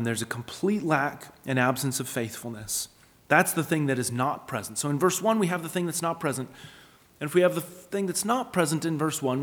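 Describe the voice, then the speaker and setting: A man preaching a sermon in an earnest, explanatory way, with lively storytelling asides. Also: mid-range voice. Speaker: pastor. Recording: long hall reverb.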